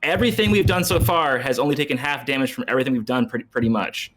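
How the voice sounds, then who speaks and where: A man's voice: mid-range voice, fast talker, fairly bright tone. A young man playing a tabletop game, talking earnestly and thinking aloud with restarts. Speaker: player.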